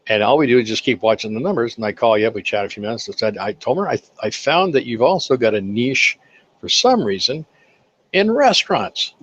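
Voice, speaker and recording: An older man, the guest of an interview, telling folksy, animated anecdotes about his accounting work with contractors and acting out the quotes. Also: mid-range voice, quick pace. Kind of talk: casual interview storytelling. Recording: slightly dull lo-fi sound.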